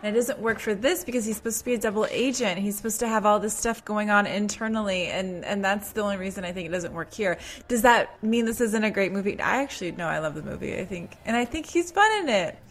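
A woman chatting about a film on a podcast. She talks in loose, rambling bursts, full of "like" and restarts. Her voice sits at an ordinary middle pitch, recorded close on a studio mic. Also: fast talker, hardly any pauses. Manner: chatty, lots of fillers and restarts. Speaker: podcast co-host. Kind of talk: casual movie discussion.

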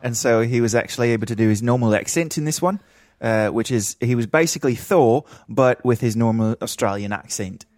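A man's voice: medium pitch, brisk, darkish tone, dry recording, studio quality. A man co-hosting a casual film podcast, blunt and opinionated, with some swearing. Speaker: podcast co-host, director of photography.

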